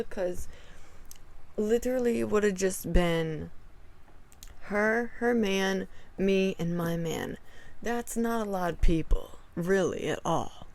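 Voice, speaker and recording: Young woman venting storytime style, exasperated, acts out both sides, middle pitch. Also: slow. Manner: animated, exasperated retelling with quoted dialogue. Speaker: vlogger. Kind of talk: storytime vlog.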